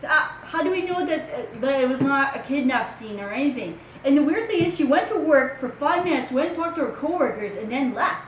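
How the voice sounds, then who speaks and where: High-voiced French-accented woman vlogger. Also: brisk, few pauses, echoey room, slight background noise, low-quality recording. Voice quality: animated, wondering aloud with rhetorical questions. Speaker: true crime vlogger. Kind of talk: casual true crime commentary, reading news aloud.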